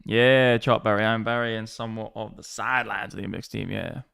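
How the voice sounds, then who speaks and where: A man's voice: on the low side, fairly even intonation, fairly quick, vocal fry, fairly bright tone, smooth, dry recording. Man, live crypto trading stream, hyped casual banter, resonant voice, dry sound. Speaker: livestream crypto trader.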